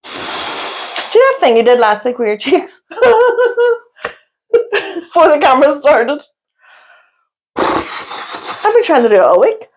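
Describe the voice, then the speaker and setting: A woman's voice: high voice, big pitch swings, slow, long pauses, poor audio. A woman co-hosting a podcast in casual chat, teasing her co-host and giggling through the banter.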